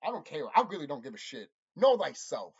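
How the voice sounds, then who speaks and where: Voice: fairly quick, slightly rough. A channel host delivering an angry, profane monologue to viewers, repeating himself and insulting his audience. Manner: lively swings in pitch and loudness. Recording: dull lo-fi recording.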